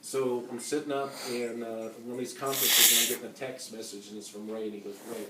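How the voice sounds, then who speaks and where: A man's voice: mid-range voice, little pitch movement, fast, heavy background noise. A man telling a personal testimony at a conference, rambling, with many fillers and restarts. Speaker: conference speaker. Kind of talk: storytelling testimony. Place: conference center hall. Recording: echoey hall, mic from far off.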